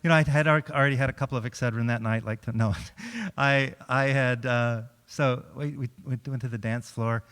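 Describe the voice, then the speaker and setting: In a big church hall with long reverb, a middle-aged chaplain entertains his congregation with funny stories. His smooth mid-range voice moves a little fast, and he laughs often while acting out the quotes.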